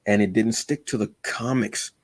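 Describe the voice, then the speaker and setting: Husky-voiced man, casual podcast chat. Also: on the low side, moderate pace, no room sound. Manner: animated, acts out quoted lines, self-deprecating asides. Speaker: podcast co-host.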